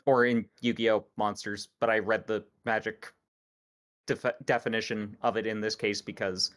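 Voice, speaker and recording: A man hosting a casual podcast chat, explaining things in a measured way. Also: on the low side, flat delivery, fairly bright tone. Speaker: podcast host.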